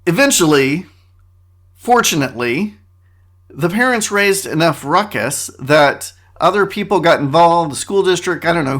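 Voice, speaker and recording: A man's voice: a little high, fairly bright tone. A man hosting his own podcast, delivering a comedic monologue with sarcastic, mock-boastful asides. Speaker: podcast host.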